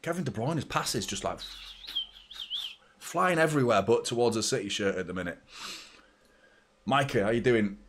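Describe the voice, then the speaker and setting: Male fan-channel host, mid-pitched, blunt and sweary, live match commentary. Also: expressive, normal speed, pauses often, noisy background. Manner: blunt, sweary fan chatter mixed with play-by-play.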